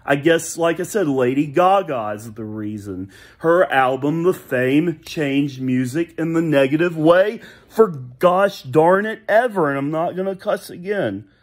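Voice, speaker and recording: Slow-talking man ranting in a vlog. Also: fairly high pitch, lively intonation. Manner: rambling, exasperated, nostalgic. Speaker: vlogger. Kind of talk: casual solo rant to camera.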